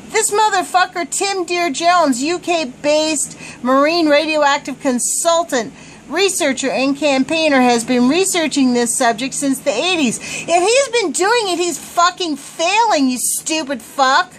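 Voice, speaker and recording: A woman with a high voice reads a report aloud in an indignant rant. She swears freely and trips over the technical words. A faint hiss sits under the recording. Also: poor audio. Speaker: vlogger reading a report aloud. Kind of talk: agitated screen-reading rant.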